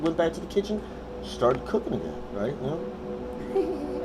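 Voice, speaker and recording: A man spins a rambling, swear-heavy story as host of his own show, his voice leaping up and down in an animated way. He drops to near-mumbles, then bursts into shouts. Clear background noise hums through the room. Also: mid-range voice, normal speed. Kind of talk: casual storytelling monologue. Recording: noisy room ambience.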